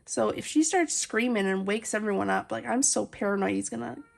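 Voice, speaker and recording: Speaking a bit fast with medium pitch and vocal fry, a woman vlogs from home while she colors. Her family is nearby, the clip is recorded on a phone, and her casual, rambling chatter is full of fillers.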